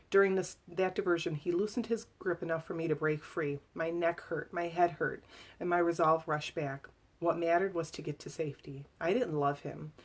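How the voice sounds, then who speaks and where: A woman reading aloud from her own memoir to a live audience, emotional and halting, with fillers and restarts. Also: low voice.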